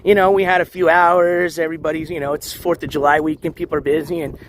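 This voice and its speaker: High-voiced man streaming on a walk, voice going hoarse. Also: flat delivery, fast talker. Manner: reads chat aloud, shouts thanks for donations. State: losing his voice. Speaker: livestream host. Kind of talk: casual walking livestream chat. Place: outdoors on city streets, walking dogs. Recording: faint street noise outdoors.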